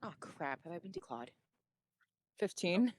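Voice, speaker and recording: Woman player, animated pitch, jokey and playful. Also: no room sound, studio quality. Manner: playful, quick to joke and laugh. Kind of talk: in-character tabletop role-play.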